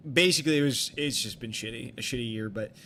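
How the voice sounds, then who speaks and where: A man's voice: medium pitch, quick pace, bright, forceful tone, a little hiss or hum. A young man telling a long personal story on a live game stream, rambling with many fillers and restarts and swearing freely.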